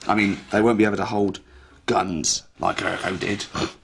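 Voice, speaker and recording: A man's voice: fairly low pitch, fairly even intonation, moderate pace, gravelly, a little hiss or hum. A man, a comedian rambling through jokes and laughing at his own lines. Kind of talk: stand-up style comic monologue.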